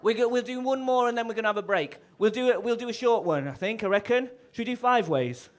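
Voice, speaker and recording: A man's voice: very high voice, fast talker. A man and bandleader chatting and joking between tunes at a live gig, laughing often and stumbling over his words, on a stage microphone. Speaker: bandleader and clarinettist. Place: live music venue.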